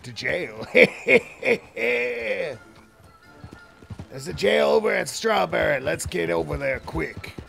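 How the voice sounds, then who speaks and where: A man giving casual gameplay commentary, rambling and stammering as he jokes along. His voice is strongly gravelly and fairly high, and he talks slowly. Faint music plays under him. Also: animated, fairly bright tone. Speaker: streamer playing a game.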